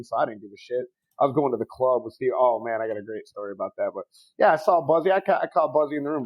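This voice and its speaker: A man's voice: medium pitch, dull audio. A man in his forties co-hosting a podcast, telling stories in a joking, profane way. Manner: profane, joking, animated storyteller. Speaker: podcast co-host. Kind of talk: casual podcast storytelling.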